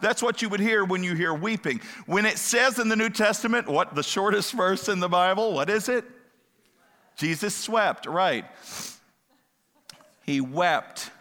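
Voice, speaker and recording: Bright-voiced pastor preaching in a reverberant hall. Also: male voice, high-pitched, moderate pace. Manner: conversational, asks the congregation questions, digresses. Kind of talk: sermon.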